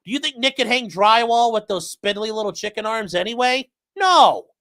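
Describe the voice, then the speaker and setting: A man's voice: high-pitched, expressive, normal speed, sharp tone. A man hosting his channel, mocking a court filing in profane, incredulous commentary and talking to his live chat. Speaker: channel host.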